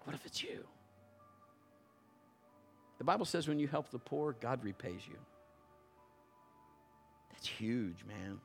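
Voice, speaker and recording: Storytelling male pastor with loud outbursts. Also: medium pitch, animated, slow pace, creaky, pauses often, soft background music. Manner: conversational storytelling with loud emphatic bursts. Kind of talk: sermon.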